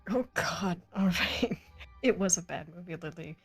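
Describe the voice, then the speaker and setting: A woman's voice: lowish voice, a little slow, husky, soft background music. Giggly woman game master wrapping up. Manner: bubbly, giggly, chatty. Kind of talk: casual chat wrapping up a live tabletop stream.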